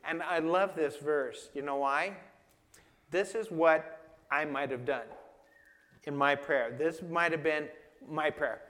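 A man's voice: fairly high pitch, slow, long pauses, fairly bright tone. A man preaching a sermon in an emphatic, conversational way, asking his listeners questions. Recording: long reverb of a hall.

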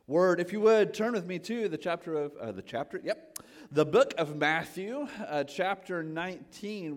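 A man in his thirties preaching a Sunday sermon in a conversational, self-deprecating way. His voice sits a little high for a man. He peppers the congregation with questions and swings from soft, low asides to loud, emphatic bursts. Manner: chatty, self-deprecating, asks the audience questions. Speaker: pastor.

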